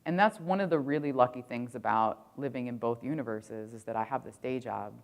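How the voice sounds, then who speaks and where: A woman with a strikingly deep, low voice speaks from a conference stage. She tells her story in a loose, chatty way, swearing freely and leaning on "like" constantly. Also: fairly quick. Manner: casual, profane, full of "like" fillers. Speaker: keynote speaker.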